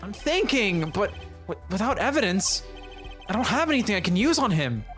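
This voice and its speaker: Streamer voicing an earnest young male attorney, raised pitch, lively, faint music. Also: normal speed.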